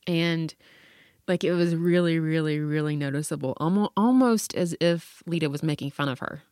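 A man's voice: a little high, moderate pace, darkish tone, smooth, dry recording, studio quality. A man with a twangy Tennessee accent, telling a story in casual podcast chat with frequent restarts. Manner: storytelling with many restarts and laughs. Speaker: podcast co-host.

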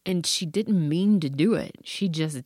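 A man's voice: fairly high pitch, a little slow, a little mellow, no room sound, clean studio sound. A man with a twangy Tennessee accent, telling a story in casual podcast chat with frequent restarts. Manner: storytelling with many restarts and laughs. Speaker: podcast co-host.

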